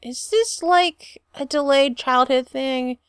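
A woman's voice: high voice, slow pace, no echo, studio quality, voice pushed up. A woman reading the lines of a brash, sarcastic male genius who teases and swears as he rambles. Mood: teasing. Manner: teasing, rambling, swears freely.

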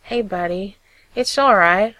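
A woman voicing a gruff middle-aged father who speaks gently and tenderly to his son. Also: medium pitch, slow, no room sound. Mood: gentle.

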